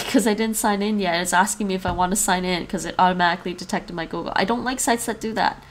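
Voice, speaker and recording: A fast-talking woman with a medium-pitched voice chats casually on a language-learning livestream, with slight noise in the background. She has a sniffly cold, laughs often, and repeats words after an app as she practices pronunciation.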